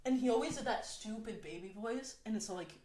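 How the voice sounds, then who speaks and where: A woman's voice: fairly high pitch, a little fast, dark tone. A young woman hosting a podcast, telling a story in a casual, exasperated way and saying "like" a lot. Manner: chatty, exasperated storytelling with frequent "like". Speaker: podcast host. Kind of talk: casual chat.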